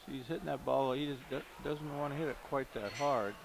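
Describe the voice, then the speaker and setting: Gravelly guy breaking down pool shots out loud, noisy live stream audio. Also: mid-range voice, brisk. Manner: analytical, thinking aloud about shots. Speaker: pool commentator. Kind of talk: live sports commentary. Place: pool hall.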